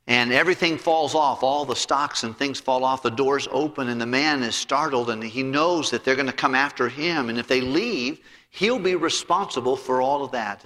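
A man preaching a sermon, retelling a story in an animated, storytelling way with frequent restarts. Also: medium pitch. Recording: long hall reverb.

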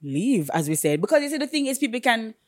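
A woman's voice: a little high, fast talker. A woman co-hosting a podcast, chatting casually and acting out the people in her stories. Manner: animated storytelling, acts out quoted exchanges. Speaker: podcast co-host. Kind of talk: casual chat.

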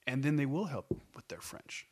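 A man in casual conversation, relaxed and laughing easily, sometimes groping for a name. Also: mid-range voice, moderate pace, husky.

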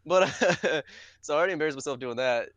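A man's voice: on the high side, brisk, fairly bright tone, no echo. A young man telling a rambling, profanity-laced story to friends, laughing as he goes. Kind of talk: casual storytelling among friends.

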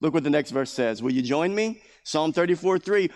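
A pastor preaching a sermon with emphatic delivery, repeating key phrases and acting out scripture quotes. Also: male voice, a little high, lively intonation, normal speed, few pauses, darkish tone. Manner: acts out scripture quotes in a raised voice. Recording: long hall reverb.

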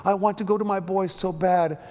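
A worried middle-aged mother, pleading and halting as she repeats herself, as a male preacher puts her on. Her voice sits raised above his own. A long reverb from a large hall trails each phrase. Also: high-pitched, steady tone, dark tone, pitched above the performer's own voice. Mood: tearful longing.

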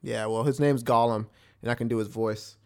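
A man's voice: medium pitch, fairly even intonation, moderate pace, a little mellow. A young man, co-hosting a podcast in casual chat, laid-back, laughing often and swearing casually. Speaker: podcast co-host.

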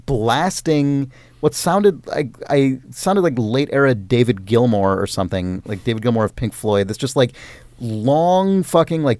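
A man's voice: medium pitch, darkish tone, dry recording. A man co-hosting a casual chat, telling a story in a rambling way, full of "like" and swearing. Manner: rambling, heavy use of "like," swears freely.

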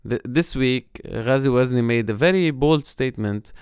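A Lebanese man co-hosts a podcast, giving a casual political-economy discussion where he explains economic news critically, restarting often and saying "you know" a lot. His voice is medium-pitched and a little mellow at normal speed. The sound is clean studio quality with no echo.

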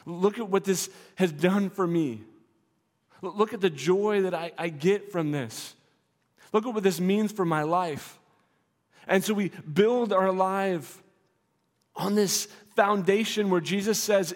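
A man's voice: high voice, unhurried. Earnest male preacher in a reverberant hall. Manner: earnest, repetitive preaching, swelling to emphatic. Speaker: pastor. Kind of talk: sermon.

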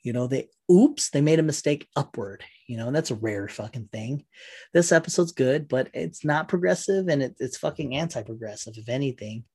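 A man in a rambling, profane, animated casual rant. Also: mid-range voice, normal speed, breathy edge.

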